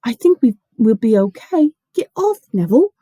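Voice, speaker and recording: A woman's voice: fairly high pitch, big pitch swings, moderate pace, warm tone, slightly rough, no room sound, voice pushed up. A brave young boy wizard, as a woman reader puts him on for a storybook, urgent and breathless, his voice rising and falling. The sound is dry. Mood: urgent whisper.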